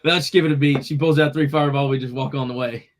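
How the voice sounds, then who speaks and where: A man's voice: medium pitch, fairly even intonation, fast. A man, casually telling a story on a podcast and acting out what people said. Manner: laid-back storyteller, acts out quotes. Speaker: podcast co-host.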